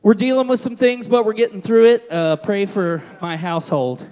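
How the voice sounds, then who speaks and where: A man's voice: sits high, moderate pace, dark tone. A man hosting a live variety show on a bar stage, bantering with the audience in a loose, profane, self-deprecating way. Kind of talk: stand-up style hosting banter.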